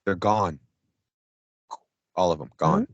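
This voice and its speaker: Sitting low in pitch, this man takes his time, and the recording is dry and lo-fi. Co-hosting a podcast, he tells a wandering, profanity-laced story in an animated way, acting out what he said.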